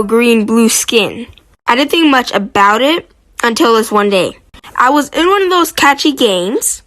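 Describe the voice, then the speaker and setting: A woman tells a story about an online game in a hesitant way, full of fillers. Her voice sits a little high. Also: fairly bright tone. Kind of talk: casual storytelling.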